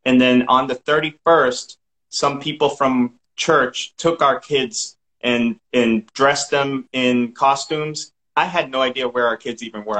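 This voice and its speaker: A middle-aged man with a Massachusetts accent chats casually as a podcast guest. His voice is bright and his talk is loose, full of restarts and laughter. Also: mid-range voice, poor audio. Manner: chatty, laughs often, restarts sentences.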